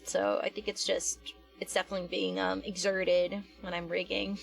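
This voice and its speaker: A woman's voice: on the low side, level tone, normal speed, vocal fry, faint music behind. A young adult woman chatting casually on a live stream while she works, rambling with lots of fillers and restarts and answering her chat.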